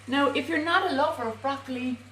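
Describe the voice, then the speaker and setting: A woman's voice: sits high, a little fast, bright, forceful tone, slight background noise. Chatty woman cooking in an echoey kitchen. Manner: chatty, self-mocking humour. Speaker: cooking demo presenter. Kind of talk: live cook-along demonstration. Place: home kitchen. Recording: echoey kitchen, mic far off.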